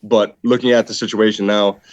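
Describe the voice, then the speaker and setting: A man excitedly telling a hunting story in casual podcast chat, saying "dude" a lot. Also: on the low side, fairly quick, dry recording, dull audio. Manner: excited, animated retelling with repeated "dude". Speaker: podcast guest, hunter.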